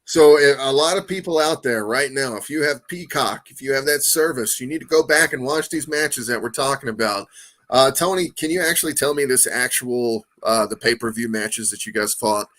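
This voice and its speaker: A man hosting an interview podcast, talking in a casual, animated way that jumps between loud bursts and quiet asides. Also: medium pitch, moderate pace. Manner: excitable, animated, swings loud and soft; peppers talk with "man" and "you know what I mean". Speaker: podcast host.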